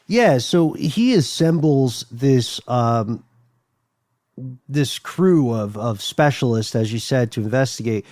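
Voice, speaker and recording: A man's voice: mid-range voice, animated, slow pace, darkish tone, no room sound, clean studio sound. A man co-hosting a podcast, telling a history story in a chatty, loose way with many fillers. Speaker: podcast co-host. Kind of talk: casual conversational storytelling.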